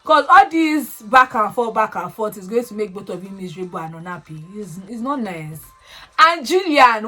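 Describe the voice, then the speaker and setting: A young woman chatting casually, recapping a reality show with animated, expressive swings into high excited tones.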